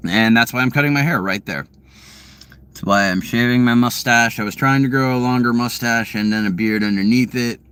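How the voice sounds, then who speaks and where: A man's voice: medium pitch, a little fast, a bit bright, clean tone. A man vlogging from his car, telling a casual story in a rambling, profane way full of fillers and restarts.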